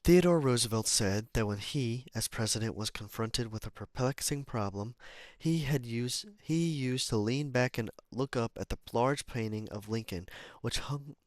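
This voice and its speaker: A man's voice: medium pitch, moderate pace, dry recording, clean studio sound. A man reading a self-help book aloud, stumbling over words, restarting lines and adding casual asides and apologies. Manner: stumbles, restarts and corrects himself while reading. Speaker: amateur reader.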